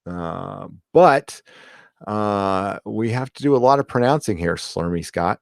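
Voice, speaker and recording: Man, low voice, dry close sound, rambling live-stream chat, swears, many fillers. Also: animated, takes it slowly, creaky, dry recording. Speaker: host of a live chat show. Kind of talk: casual live-stream chat reading comments.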